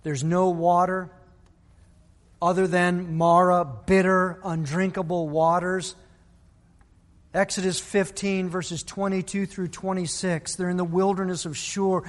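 A man's voice: sits high, flat delivery, a little slow, big-room sound. A male pastor preaching a sermon, telling a Bible story and acting out the people's voices. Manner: storytelling, acts out biblical voices.

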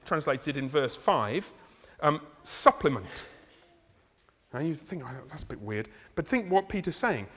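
A man preaching a sermon in a church, conversational and animated, with laughs and asides. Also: a little high, measured pace. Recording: reverberant hall.

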